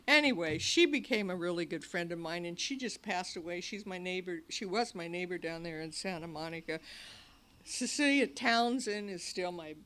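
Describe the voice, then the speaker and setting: A woman's voice: mid-range voice, a bit bright. A woman telling her recovery story to an audience in a meeting hall, animatedly acting out her past cries and other people's lines. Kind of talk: personal recovery talk to an audience.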